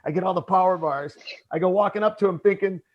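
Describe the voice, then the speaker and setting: A man tells a story in a casual chat. He has a slightly high voice and acts out what he said back then. The sound is muffled and lo-fi. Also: fast talker. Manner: animated, acts out his own past lines, says bro. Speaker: podcast host.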